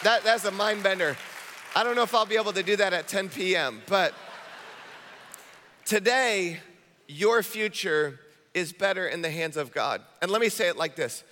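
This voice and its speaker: High-voiced preaching man, hall echo. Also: moderate pace, long pauses, some chatter behind, a little hiss or hum. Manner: energetic, conversational preaching with repeated phrases. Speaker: pastor. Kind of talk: sermon. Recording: long hall reverb.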